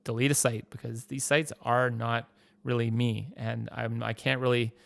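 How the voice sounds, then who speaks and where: A man with a gravelly, fry-tinged voice hosts a casual podcast monologue. He rambles, swears freely and acts out what other people said. His voice sits in a middle pitch, recorded close and dry. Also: little pitch movement, normal speed, fairly bright tone, no echo. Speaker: podcast host.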